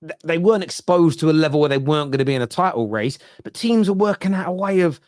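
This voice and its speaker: A man co-hosting a football podcast, making measured points in a casual debate. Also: a little high, animated, dry recording, studio quality. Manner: measured, reasoned, gently teasing.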